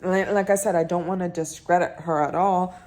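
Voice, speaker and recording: A woman's voice: on the low side, fairly quick. A woman vlogger, a bit drunk, ranting and telling stories in a casual chat. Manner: ranting, animated storytelling. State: tipsy.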